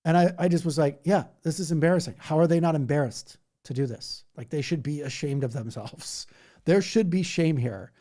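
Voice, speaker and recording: A man's voice: fairly high pitch, moderate pace, warm tone. A man hosting a livestream, chatting casually with his viewers, rambling and laughing as he mocks things with silly impressions. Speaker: livestream host. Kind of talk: casual chat reacting to viewer comments.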